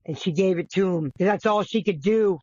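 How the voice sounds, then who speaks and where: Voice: medium pitch, fairly quick, darkish tone, slightly rough, dry recording. A podcast host retelling a bible story in a casual, earnest way, with frequent restarts, repetition and the odd swear. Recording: dull, dry lo-fi recording.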